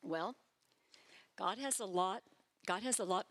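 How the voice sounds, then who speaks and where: A woman preaching a sermon in a church, explaining scripture in an animated, chatty way with light self-deprecating humor. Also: medium pitch, a little slow.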